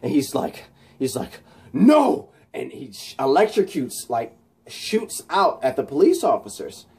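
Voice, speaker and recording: A man casually retelling a movie plot, rambling excitedly with many restarts. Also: mid-range voice, moderate pace, creaky, breathy edge. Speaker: channel host.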